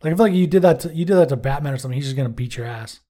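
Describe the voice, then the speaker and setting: A man's voice: mid-range voice, racing, warm tone. A man co-hosting a podcast, chatting casually about a TV episode, joking, rambling and swearing freely. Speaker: podcast co-host. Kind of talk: casual chat, reviewing a TV episode.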